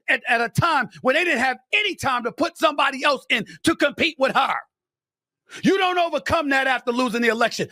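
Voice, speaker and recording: A man ranting as a talk-show host, loud and emphatic, repeating himself for force. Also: very high voice, dry recording, clean studio sound. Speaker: sports commentator and show host. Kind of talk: heated talk-show rant.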